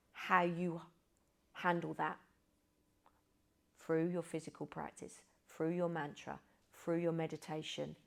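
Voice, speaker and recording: A woman's voice: lowish voice, gravelly. A middle-aged woman, a yoga teacher, giving an informal spiritual talk with candid, chatty storytelling.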